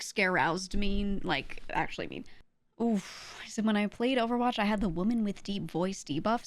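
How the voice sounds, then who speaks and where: A woman's voice: medium pitch, fairly bright tone, dry recording. A young woman streaming, chatting casually with viewers, laughing often and acting out quoted voices.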